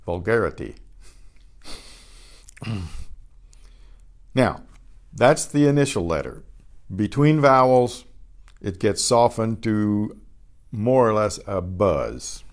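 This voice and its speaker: An older man teaching a beginners' Spanish class, patiently sounding out each word twice and explaining pronunciation in a relaxed way. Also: on the low side. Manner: patient, repeats each word slowly, trailing off quietly after explanations. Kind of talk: slow pronunciation lesson with repetition.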